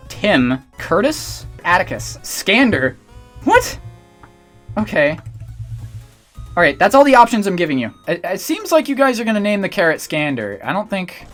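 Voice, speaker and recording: A man streaming, chatting excitedly with his viewers as he plays along with a story game. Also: high voice. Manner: excitable, talks to chat. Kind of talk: casual livestream chat.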